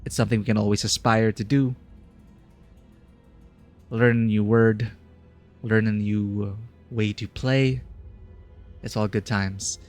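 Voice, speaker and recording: A man's voice: on the low side, fairly even intonation, a little slow, long pauses, a little mellow, soft background music. A man commentating a live game playthrough in a playful, goofy way, reading game text aloud. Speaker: streamer.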